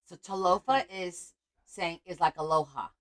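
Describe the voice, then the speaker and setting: A woman's voice: on the low side, moderate pace. A middle-aged woman hosting a casual craft livestream from home on her phone, chatty and teasing as she greets viewers by name.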